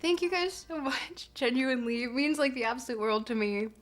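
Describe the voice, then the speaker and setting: Bubbly high-voiced streamer woman. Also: lively intonation, a little fast, background noise. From Canada. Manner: bubbly and giggly, gushing thanks to viewers. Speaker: live streamer. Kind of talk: casual live-stream chat.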